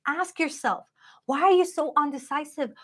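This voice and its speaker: A woman's voice: high voice, normal speed, a bit bright. A woman giving a live-streamed tarot reading in a chatty, upbeat way, talking straight to her viewers. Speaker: tarot card reader.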